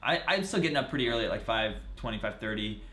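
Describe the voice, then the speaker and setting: Fast-talking and animated, this co-host has a fairly low voice that sounds pushed and bright. He chats casually on a live running show, listing upcoming races from notes, and the recording carries a roomy echo.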